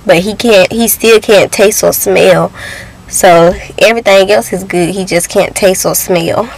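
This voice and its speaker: A woman's voice: mid-range voice, a little slow, gravelly, rough recording. A young woman talking to her viewers in a casual vlog, emotional and close to tears, often calling them y'all. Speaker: vlogger.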